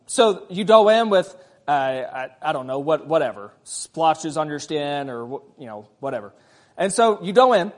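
Male pastor with a high voice, preaching a conversational sermon full of rhetorical questions.

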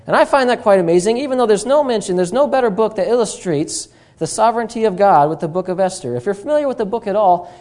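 A man's voice: high-pitched, darkish tone. A man preaching at an evening church service, rambling with many fillers and humorous asides. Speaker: guest preacher.

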